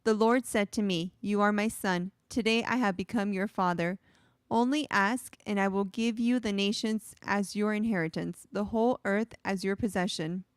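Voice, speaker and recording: Woman with a smooth voice reading scripture aloud. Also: mid-range voice, fairly even intonation, moderate pace, no echo. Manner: reads aloud in a raised, projected voice.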